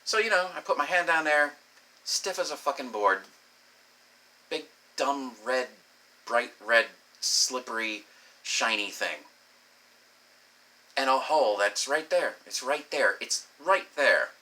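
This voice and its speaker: A middle-aged man telling a crude personal story, animated and swearing freely. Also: medium pitch, takes it slowly, pauses often. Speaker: comedic storyteller.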